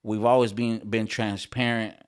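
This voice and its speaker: A man's voice: fairly low pitch, flat delivery, moderate pace, smooth. A man, a rapper guest on a podcast, talking in a laid-back way with many fillers and some swearing. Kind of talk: casual podcast chat.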